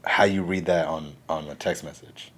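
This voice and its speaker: A man's voice: a bass voice, fairly even intonation, moderate pace, a bit bright. A man joining a podcast as a guest, joking casually and trailing off with "I don't know.". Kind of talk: casual chat.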